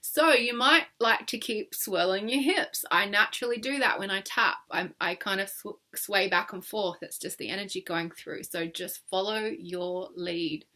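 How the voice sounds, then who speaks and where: A woman's voice: medium pitch, normal speed, few pauses, bright, forceful tone. A young woman leading a guided tapping session in a playful, coaxing way, laughing often and exaggerating her words. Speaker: EFT tapping coach.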